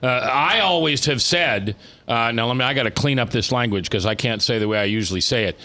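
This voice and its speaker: A man's voice: mid-range voice, sharp tone. Rambling male talk radio host. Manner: rambling, restarts often, drawn-out emphatic phrasing. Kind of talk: casual talk radio chat.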